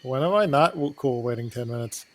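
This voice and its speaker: A man's voice: medium pitch, brisk. A man joking around as a player in a tabletop game. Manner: wisecracking, teasing. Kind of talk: casual tabletop game chat.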